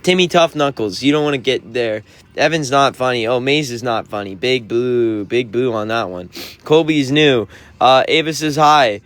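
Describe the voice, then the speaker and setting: A man on tour as a musician is reading livestream comments aloud and responding in a cheeky, mock-offended tone. His voice is mid-range and a bit bright, and he keeps a moderate pace.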